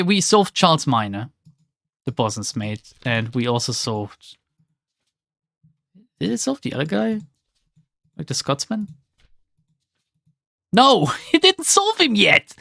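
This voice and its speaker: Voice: medium pitch, gravelly, dry recording, clean studio sound. A streamer giving casual let's play commentary in an exasperated, sarcastic tone, often swearing.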